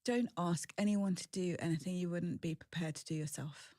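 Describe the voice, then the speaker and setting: A woman's voice: lowish voice, moderate pace, mellow, no room sound, studio quality. A woman in her forties speaking as an interview guest, frank, chatty and self-deprecating. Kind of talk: candid conversational storytelling.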